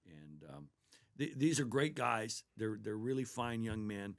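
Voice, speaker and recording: A basketball coach with a fairly low voice gives a casual interview. He sounds earnest and eager, and he keeps drifting into stories about his players. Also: expressive, unhurried.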